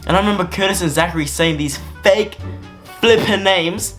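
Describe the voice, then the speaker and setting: A young man telling a storytime vlog story in an animated, slangy way. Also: fairly high pitch, fairly quick, soft background music. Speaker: vlogger. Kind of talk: storytime narration.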